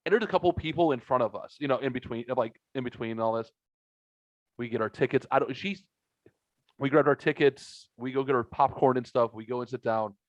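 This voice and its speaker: 40s dude on a podcast telling a story, animated and cussing, dry muffled sound. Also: male voice, mid-range voice, a little fast, no echo. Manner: animated, swearing, acts out other people's lines. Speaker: podcast host. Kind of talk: casual storytelling chat.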